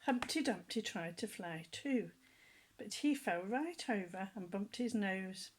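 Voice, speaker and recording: A woman reading a children's story aloud with a gentle, animated storytelling manner. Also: medium pitch, unhurried, a little hiss or hum.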